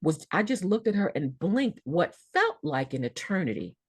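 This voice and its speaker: A woman guest telling a personal story in a podcast interview, vivid and expressive, often repeating words. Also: lowish voice, normal speed, slightly rough, dry recording, clean studio sound.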